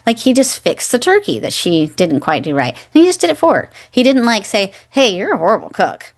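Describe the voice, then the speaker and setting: A woman's voice: medium pitch, sing-song, fairly quick. A woman in her forties talks through a film with a friend on a podcast, in a mid-range voice. She is enthusiastic and casual, and slips into little acted quotes. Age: 40s. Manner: enthusiastic, acts out quoted lines. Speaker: podcast co-host. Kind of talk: casual chat.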